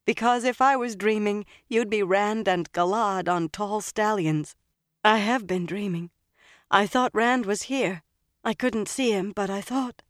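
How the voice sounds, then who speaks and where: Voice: medium pitch, unhurried, no echo, studio quality, pitched above the performer's own voice, lightly acted. An audiobook narrator voicing a shaken young woman freed from captivity, her voice quivering, then turning bitter. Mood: shaky wonder. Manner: quivering, rising to sharp outbursts.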